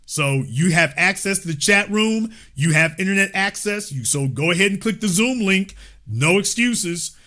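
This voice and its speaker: Bright-voiced sarcastic male streamer. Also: high-pitched, animated, moderate pace. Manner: sarcastic, mocking. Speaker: livestream political show host. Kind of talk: livestream commentary.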